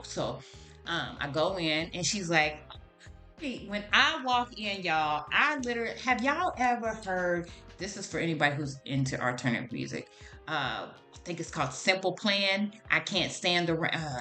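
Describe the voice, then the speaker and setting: Chatty low-voiced woman vlogger. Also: fairly quick, soft background music. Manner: chatty, talks straight to viewers as "y'all"; animated exclamations. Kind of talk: casual storytelling to the camera.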